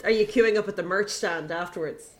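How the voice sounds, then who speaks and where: A woman's voice: mid-range voice, a little fast, slight background noise. A woman chatting casually on a panel, rambling and laughing at herself. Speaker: podcast panelist. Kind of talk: casual chat. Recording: lively crowd chatter behind.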